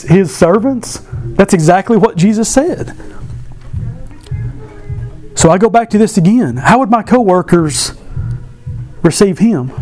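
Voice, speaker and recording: A man's voice: high-pitched, a little mellow. A man giving a casual devotional talk to a Bible class, asking many rhetorical questions and adding joking asides.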